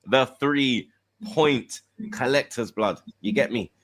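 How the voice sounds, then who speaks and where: A man's voice: mid-range voice, slow. A man co-hosting a football show, bantering and teasing in heavy slang. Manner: slangy, teasing, tags lines with "blood".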